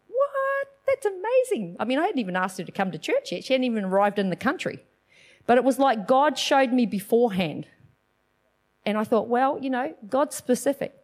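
A woman preacher shares a personal story during a sermon. Her voice sits high, and she tells the story in an excited, animated way, acting out other people's voices as she goes.

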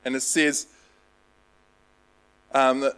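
A man's voice: medium pitch, level tone, extremely slow, a bit bright, smooth, low-quality recording. Rambling, self-deprecating male preacher. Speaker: pastor. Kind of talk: casual sermon with humor.

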